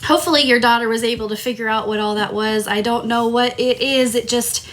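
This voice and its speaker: A woman from Tucson, Arizona, with a fairly high, steady, brisk and slightly bright voice hosts a crafting livestream. She's chatty, but a throat tickle keeps making her cough, so she keeps saying sorry.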